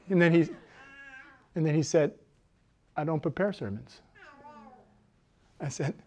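Against a noisy background, a middle-aged woman pastor preaches slowly in a low voice, pausing often. Her sermon is animated, ranging from loud exhortation to quiet intensity, with frequent laughter.

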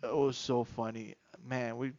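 A man hosting a casual podcast, telling animated street stories and acting out voices. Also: medium pitch, a little slow, highs cut off. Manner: animated storyteller who acts out voices and shouts. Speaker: podcast host.

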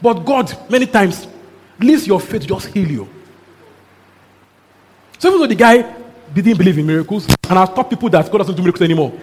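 A man preaching a sermon, telling a story in an animated way with chuckles and local exclamations. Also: sits high, a little fast, long pauses, slightly rough. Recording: long hall reverb, faint background noise.

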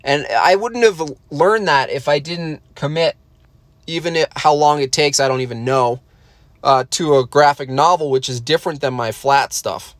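Guy with a high voice rambling on stream while drawing, deadpan jokes, dry close mic. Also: moderate pace, no echo. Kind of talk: casual rambling stream chat.

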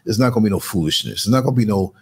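A man's voice: on the low side, very fast, gravelly, husky. A man in his sixties hosting a live-streamed talk show under studio lights, talking in an emphatic, motivational way. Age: 60s. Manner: emphatic, motivational, fights in boxing terms.

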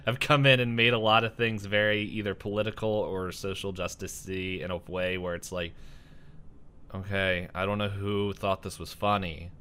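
A man's voice: sits low, little pitch movement, moderate pace, sharp tone, clean tone. A young man hosting a casual podcast chat, rambling with lots of fillers and frequent laughs. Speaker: podcast host.

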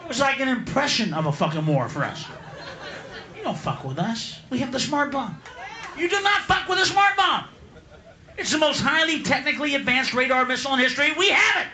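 A man's voice: very high-pitched, sing-song, a little fast. A man performing a profane, mocking stand-up comedy routine, laughing mid-line, at a live comedy venue. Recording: echoey live room with loud crowd.

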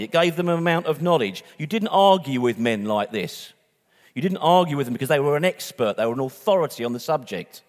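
A man delivers a sermon in a loose, conversational way, stopping to correct himself and add asides. His voice sits a little high for a man. The sound rings with the long reverb of a hall. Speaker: preacher.

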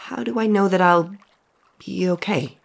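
A man's voice: high voice, measured pace, vocal fry, voice pushed up, exaggerated voice. A frightened young boy blurts out his words in a raised, strained voice, played by a man reading a storybook. His voice sits well above a man's range. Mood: nervous. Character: nervous young boy afraid of water.

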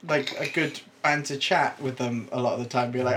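A man's voice: mid-range voice, fairly even intonation, moderate pace, a bit bright. Young man, co-host, casual rambling chat with lots of restarts.

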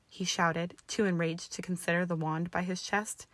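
A woman reading fan fiction aloud in a steady, measured narration. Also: on the low side, no echo. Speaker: audiobook reader.

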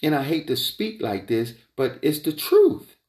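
A man giving a rambling opinion monologue, emphatic and repetitive, wandering off on tangents and climbing high in pitch when he gets heated. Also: wildly swooping pitch, a little slow, darkish tone. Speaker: entrepreneur vlogger. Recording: roomy echo.

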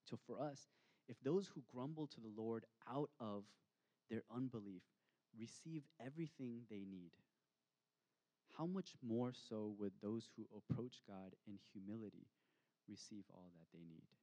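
A man delivering a sermon from the pulpit, his voice sitting low and warm. He speaks reflectively and reads scripture with slow, weighty pauses. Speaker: pastor.

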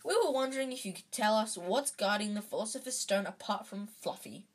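A woman reading the lines of an anxious young schoolboy who speaks plainly and directly, with a husky voice. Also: medium pitch, lively intonation, brisk.

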